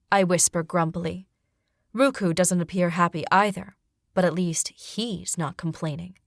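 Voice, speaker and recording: A woman reading a fantasy novel in the first person as an audiobook narrator, expressive and dramatic, on a close studio mic. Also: on the low side, moderate pace, no room sound.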